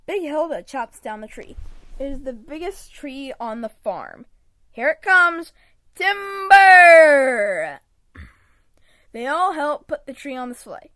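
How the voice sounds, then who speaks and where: A woman reading a children's picture book aloud in an expressive read-aloud manner, close to a home microphone. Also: high voice, normal speed, no room sound. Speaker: storybook reader.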